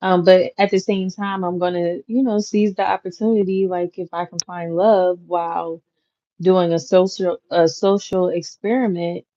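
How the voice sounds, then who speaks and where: A woman in her thirties hosting her own channel, chatting casually with viewers in a relaxed, slangy way with lots of fillers. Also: fairly low pitch, normal speed. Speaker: content creator, channel host. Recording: dull lo-fi audio. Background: clacking noise.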